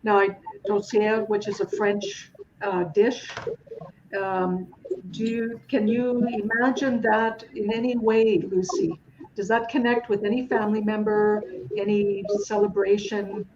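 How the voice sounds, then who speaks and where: A woman's voice: mid-range voice, steady tone, a little slow. A woman working as a medium on a video call, describing an impression thoughtfully and asking probing questions. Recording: dull call audio with background noise.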